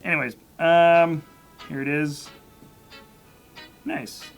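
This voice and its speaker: A man's voice: fairly high pitch, steady tone, takes it slowly, vocal fry, clean tone, soft background music. A man hosting a live building stream, chatting casually and rambling as he corrects himself. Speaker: livestream host. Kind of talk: casual live unboxing chat.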